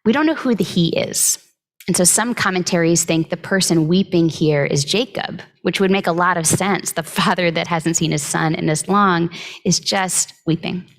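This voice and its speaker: A woman delivers a conversational sermon in a lowish voice with a gravelly, creaky edge. She sounds reflective and unhurried, pausing often and reaching for words as she teaches. She is recorded on a close microphone. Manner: reflective, unhurried, with frequent pauses and filler words. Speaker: clergy giving the weekly Torah talk.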